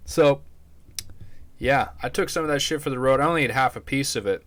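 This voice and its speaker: A man's voice: medium pitch, a little fast, a bit bright. Rambling, foul-mouthed podcast guy. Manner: profane, rambling, laid-back delivery. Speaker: podcast host. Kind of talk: casual chat.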